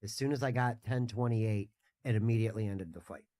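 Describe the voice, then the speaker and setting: Rambling man with a low voice. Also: fairly quick, dark tone, no room sound. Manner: rambling, full of restarts. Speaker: guest. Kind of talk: casual podcast chat.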